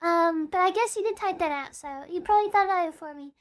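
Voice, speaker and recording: A woman's voice: extremely high pitch, fast. A woman VTuber chatting casually on a live stream, bubbly and talkative, dropping playful meows between sentences.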